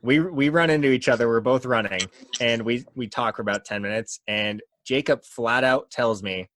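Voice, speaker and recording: A man's voice: medium pitch, normal speed, few pauses, a bit bright, dry recording. A young man, a guest, telling a story in casual chat and acting out the lines he quotes.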